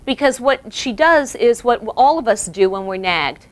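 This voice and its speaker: A woman presenter giving casual dog training tips to the camera, chatty and animated, breaking into laughter now and then. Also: fairly high pitch, normal speed. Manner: animated, laughs often, addresses her dog between tips. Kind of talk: casual how-to talk to camera.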